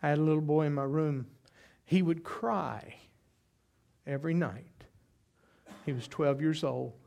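A middle-aged man preaches in a folksy, animated way, his voice sitting a little high for a man. He drops into quiet, earnest stretches, then climbs back up as he tells stories. He checks in with the listeners with a quick "okay?" again and again. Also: gravelly. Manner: folksy, animated storytelling with frequent "okay?" asides. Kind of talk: sermon with personal stories.

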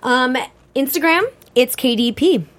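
A woman's voice: high voice, measured pace, a bit bright. Enthusiastic rambling woman guest. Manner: enthusiastic, rambling, heavy use of "like". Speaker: guest filmmaker. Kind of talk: casual chat.

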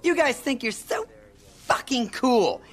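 A man's voice: extremely high pitch, lively intonation, takes it slowly, a bit bright, heavily acted. An actor playing a snippy, effeminate man who works at a vegan restaurant, ranting bitterly in a film clip. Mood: sneering. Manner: sneering, bitter rant. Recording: film clip with faint music.

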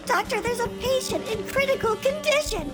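A man in strained falsetto playing a fretful woman, nurse or patient, in a spoof TV drama skit, with music underneath. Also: animated, normal speed. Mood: worried.

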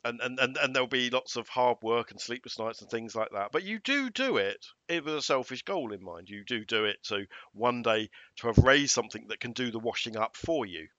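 A man co-hosting a casual podcast, with wry humour and mock outrage. He often stammers into restarts. His voice is bright and his pitch swoops a lot, recorded dry and close. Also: animated, brisk, few pauses, no echo, dull audio. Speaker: podcast co-host. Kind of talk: casual chat.

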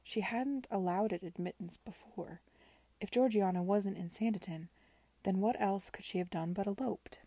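A woman reading a novel aloud in a soft, near-whispered way. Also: medium pitch, moderate pace, dry recording. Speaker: reader.

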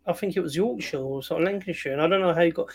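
Easygoing guy w a bit of a raspy fry, agreeable film chat. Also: fairly high pitch, rapid-fire, darkish tone. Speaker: film review podcast co-host. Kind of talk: casual chat.

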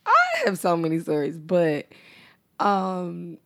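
A young woman co-hosting a podcast, chatting casually and telling animated stories with frequent laughter. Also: fairly low pitch, slow. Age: young adult. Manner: animated storyteller, laughs often. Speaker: podcast co-host. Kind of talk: casual chat.

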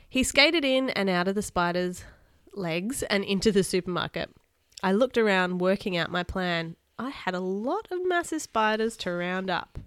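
A woman reads a children's chapter book aloud in a lively, animated way, throwing in sound effects as she goes. Her voice sits in a middle pitch. The recording is close and dry. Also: smooth, dry recording. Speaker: teacher reading aloud.

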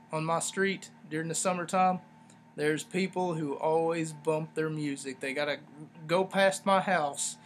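A man's voice: high voice, a bit bright, slight background noise. A man hosting a solo podcast, ranting and rambling sarcastically with lots of fillers. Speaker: podcast host. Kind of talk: casual solo podcast review.

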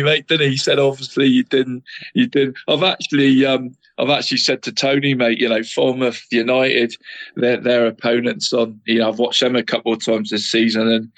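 A man's voice: mid-range voice, fairly bright tone, no room sound, poor audio. A man co-hosting a football podcast in casual chat, who keeps adding "mate" and often stumbles over his words.

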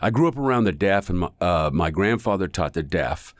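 An older man, a voice actor guest, telling stories in a loud, exaggerated, animated way. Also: brisk, dry recording, studio quality. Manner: animated, exaggerated storyteller with big pitch swings. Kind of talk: storytelling conversation.

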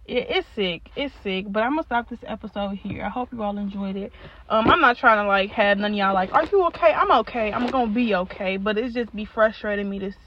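A woman's voice: mid-range voice, a little fast, highs cut off, a little hiss or hum. A young woman hosting a solo podcast, venting in a blunt, profane, exasperated way, laughing now and then. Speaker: podcast host.

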